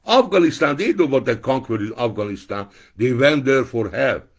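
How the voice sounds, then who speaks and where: A man giving an angry, profane political rant to camera, breaking into shouted outbursts. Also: mid-range voice, expressive, normal speed.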